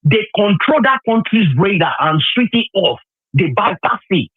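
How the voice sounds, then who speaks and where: A man's voice: high-pitched, very animated, normal speed, husky, no echo. A Nigerian man on a call, emphatic and repeating himself in heated political chat. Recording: tinny phone line.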